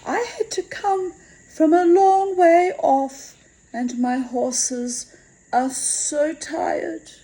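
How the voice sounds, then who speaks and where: A woman voicing Death as a gentle, earnest young girl with a low, sweet voice in a storybook reading. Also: drawn-out words, rough recording.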